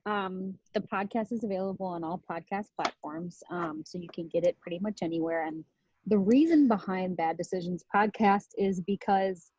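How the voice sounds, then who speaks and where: A woman tells a story from her own life as a talk, candid and quick to laugh, swearing freely. Her voice is warm and mellow, mid-pitched. It is recorded dry, with a slightly dull lo-fi sound. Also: husky, dry recording. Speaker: podcast host and speaker.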